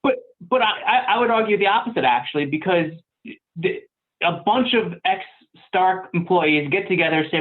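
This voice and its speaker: A man's voice: sits high, expressive, moderate pace. A man in casual podcast chat, hesitant at first, then arguing his point. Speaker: podcast panelist. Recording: tinny phone-like line.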